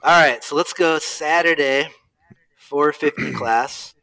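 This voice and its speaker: This podcast co-host has a voice on the high side with vocal fry, and he takes his time while chatting casually about a race. He's an animated storyteller who laughs a lot and plays both parts of every conversation, with no room sound in the recording.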